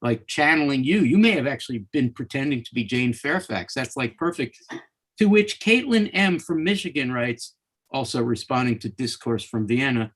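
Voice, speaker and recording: A man's voice: mid-range voice, expressive, moderate pace. A man hosting a conversation, reading audience and reader comments aloud, stammering slightly when he starts a thought. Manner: stammers on starts, reads quotes in lifted voice. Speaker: host, interviewer.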